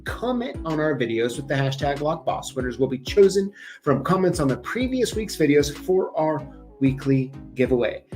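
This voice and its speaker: A man's voice: on the high side, darkish tone. A man hosting a casual live show, chatting loosely with lots of ums and easy laughs. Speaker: show host. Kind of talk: casual livestream chat. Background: faint music playing.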